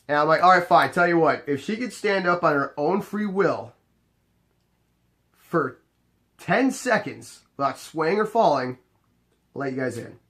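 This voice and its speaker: A young man casually telling a story about his job as a bar bouncer, animated and exasperated, acting out both sides of the conversation. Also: fairly high pitch, measured pace, pauses often.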